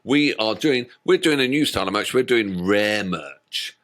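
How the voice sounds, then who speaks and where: A man's voice: lowish voice, animated, moderate pace, fairly bright tone. A man co-hosting a music reaction channel, chatting casually and telling jokey stories with plenty of laughter. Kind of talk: casual chat.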